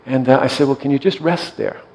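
A man speaking as a meditation teacher in a gentle, soft-spoken way, often letting his voice trail off quietly as he tells a reflective story. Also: medium pitch, a little fast, low-quality recording.

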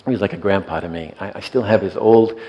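A man speaking as a meditation teacher in a gentle, soft-spoken way, often letting his voice trail off quietly as he tells a reflective story. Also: low-pitched, fast, muffled recording.

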